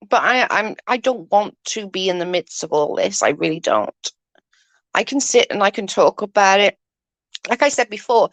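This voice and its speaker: A woman's voice: mid-range voice, no room sound. A woman hosting a casual live stream, chatting and yawning as she reads comments. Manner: chatty, yawning, says "allegedly" often.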